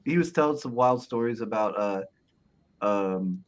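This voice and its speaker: A man's voice: on the low side, lively intonation, a little slow. A man hosting a casual podcast chat, telling rambling stories with frequent laughter and profanity. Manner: laughing storyteller, swearing, acting out quoted voices. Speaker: podcast host.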